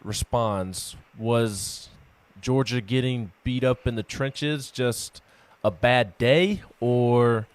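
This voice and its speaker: A man co-hosting a casual sports talk show, stuttering on word starts as he works up his opinions. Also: on the low side.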